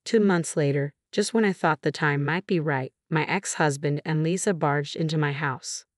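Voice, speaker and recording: A woman reading a first-person revenge story as scripted narration, in an even, steady way. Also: deep voice, normal speed, no echo, studio quality.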